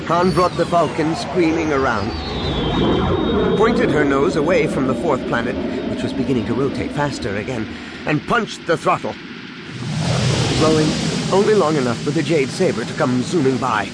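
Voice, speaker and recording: A man narrating a science-fiction audiobook with a dramatic, expressive reading. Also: mid-range voice, moderate pace, very noisy. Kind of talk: scripted narration. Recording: music clearly behind.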